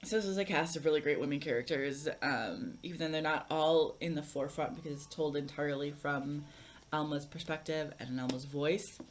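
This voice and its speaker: A woman's voice: deep voice, steady tone, brisk, slight background noise. A young woman vlogging a casual book review, rambling with lots of fillers and restarts.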